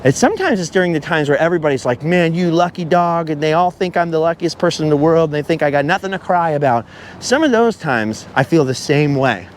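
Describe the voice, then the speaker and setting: Man, vlogger, beach walk, rambling, verbose, lively pitch, light background hiss. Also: fast talker. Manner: verbose, wanders off topic. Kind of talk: rambling walk-and-talk monologue. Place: outdoors on a beach.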